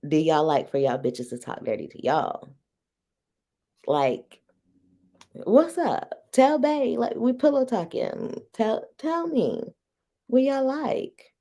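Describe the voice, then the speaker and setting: A woman's voice: a little high, sing-song, slow, pauses often, dark tone. A woman hosting a casual live-stream chat, frank and teasing, who laughs often between phrases. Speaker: host.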